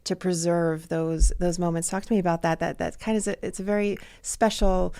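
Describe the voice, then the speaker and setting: A woman hosting an interview, asking questions in a halting way with restarts. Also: lowish voice, flat delivery, dark tone, smooth. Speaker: podcast host.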